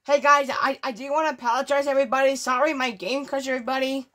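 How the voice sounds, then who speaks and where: A woman with a somewhat high-set voice runs her gaming channel in loose, unscripted chatter. She stumbles and repeats herself constantly and swears freely, with an excitable, easily riled energy. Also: fast. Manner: stammering, repetitive, profane, excitable. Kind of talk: casual gameplay commentary.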